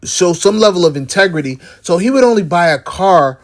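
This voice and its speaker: A man's voice: high-pitched, lively intonation, fairly quick. A man telling a personal story in a casual, rambling monologue, often restarting and filling with "you know".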